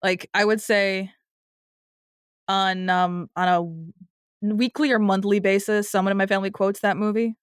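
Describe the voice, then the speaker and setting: A woman co-hosting a podcast in casual chat, talking over film lines and now and then quoting them in a higher voice. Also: little pitch movement, normal speed, clean tone, dry recording, clean studio sound. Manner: chatty, quotes film lines in bursts of higher pitch. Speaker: podcast co-host.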